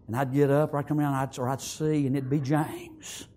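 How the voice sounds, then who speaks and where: A man preaching an emotional funeral sermon in a church, repeating himself and halting, then swelling into tearful, emphatic exclamations. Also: mid-range voice, little pitch movement, warm tone. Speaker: pastor at a memorial service. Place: church sanctuary.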